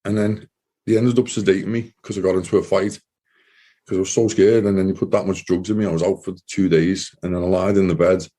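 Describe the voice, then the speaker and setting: A low-pitched man telling his own story as an interview guest. His voice is mellow and dark, and he speaks in earnest, halting runs, often repeating himself as he goes. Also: level tone. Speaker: guest, former soldier. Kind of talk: personal testimony in an interview.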